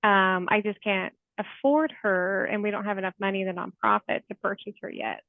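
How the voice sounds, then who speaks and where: A woman in her forties, a therapist guest in a casual interview, talking in a chatty, heartfelt way with many fillers and soft laughs. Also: medium pitch, moderate pace, gravelly, no room sound. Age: 40s. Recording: tinny phone-like call audio.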